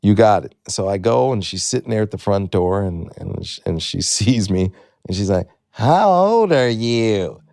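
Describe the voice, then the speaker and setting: A man in his sixties from Detroit, a guest in an interview, telling animated anecdotes and acting out the voices of people in them. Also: low-pitched, moderate pace, gravelly, no room sound, studio quality. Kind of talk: storytelling interview.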